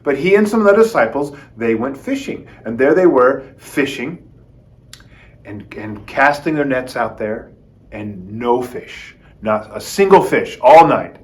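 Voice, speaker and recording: A man teaching a children's Bible lesson as a lively story, talking straight to the kids and acting out the quotes. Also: medium pitch, measured pace. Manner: lively, addresses kids as "guys", acts out quotes.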